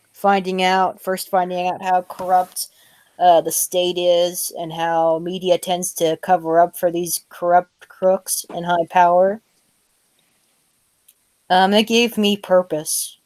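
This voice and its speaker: A young woman hosting a casual podcast chat, reading an article aloud in a halting, filler-heavy way with blunt, dismissive remarks. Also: fairly low pitch, a little mellow, clear, resonant tone, dry recording. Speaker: podcast host.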